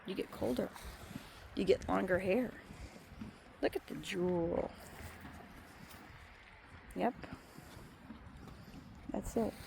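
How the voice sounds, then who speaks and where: Woman, rambling sing-song baby talk to a farm animal, gravelly, faint outdoor noise on a phone. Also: medium pitch. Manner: sing-song baby talk to a cow, drifting into soft musings. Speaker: animal lover talking to a cow. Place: outdoors by a cow pasture.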